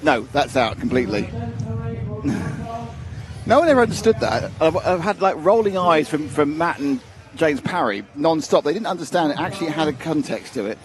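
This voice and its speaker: Lively joking British man. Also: on the high side, moderate pace. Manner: chatty, joking, laughs often. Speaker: livestream co-host. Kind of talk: casual commentary chat. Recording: music playing under the voices.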